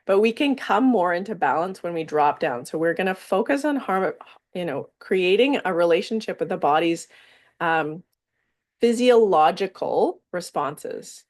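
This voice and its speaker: Lady running a wellness workshop, calm and flowing, kinda low voice, slows down on some words. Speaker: somatic workshop facilitator.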